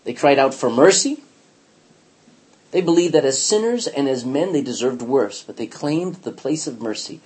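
A man leads a Bible study in a medium-pitched voice with lively intonation, a darkish tone, and a breathy edge, speaking at normal speed. He reads scripture aloud and explains it emphatically, repeating key words and asking the class questions.

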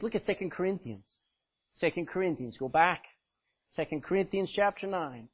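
Animated preacher with a husky voice. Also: male voice, fairly high pitch, a little fast. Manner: animated, swings from loud emphasis to quiet asides, laughs often. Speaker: pastor. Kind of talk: sermon. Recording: dull lo-fi recording.

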